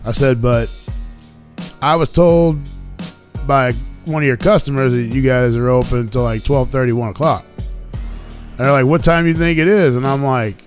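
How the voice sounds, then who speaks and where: A podcast host with a medium-pitched, steady voice runs a radio show at normal speed, leaving long pauses. He tells a long story in casual, profane chat, acting out the quotes of the people in it, while faint music plays behind.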